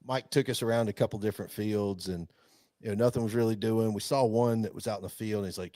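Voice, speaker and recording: A man's voice: lowish voice, fast talker, dark tone, dry recording. Rambling podcast co-host man. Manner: rambling, restarts, chuckles often. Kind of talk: casual chat.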